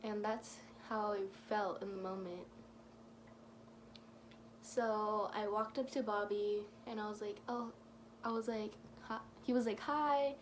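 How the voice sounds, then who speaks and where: A woman's voice: mid-range voice, little pitch movement, a little slow, long pauses, a little hiss or hum. A woman telling a rambling, gushing story for her vlog, leaning on "like" again and again. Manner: gushing, rambling, heavy use of "like". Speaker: vlogger.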